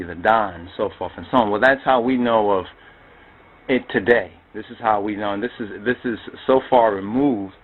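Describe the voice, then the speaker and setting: A man giving a loose, spoken lecture on religious history, often repeating and restarting his phrases. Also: fairly low pitch. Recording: tinny phone-like audio with faint noise.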